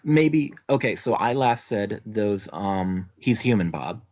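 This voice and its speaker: A man's voice: lowish voice, expressive, slow, a little mellow, muffled recording. A man playing a tabletop role-playing game, chatting casually and swearing. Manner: casual, swears, laughs at own accent slips. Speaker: player. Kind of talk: tabletop role-play chat.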